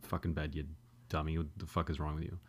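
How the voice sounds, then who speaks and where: A man's voice: very deep voice, flat delivery, fast talker, breathy edge. A man putting on his angry father scolding him, cursing and impatient. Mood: irritated. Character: gruff angry working-class father.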